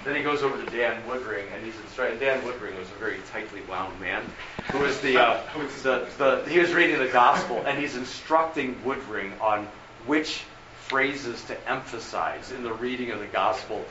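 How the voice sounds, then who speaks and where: A man's voice: medium pitch, normal speed. Man, rambling storyteller, pastor, far from mic, dull noisy roomy recording. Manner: rambling, repeats words, storytelling. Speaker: pastor and show host. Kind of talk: casual chat.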